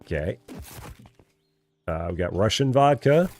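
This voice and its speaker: A man's voice: lowish voice, expressive, a little slow, soft background music. A middle-aged man streaming a store simulator game, talking to himself casually as he stocks shelves and answering viewers in chat. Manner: talks to himself, chatty, reads viewer chat aloud. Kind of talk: casual live gameplay commentary.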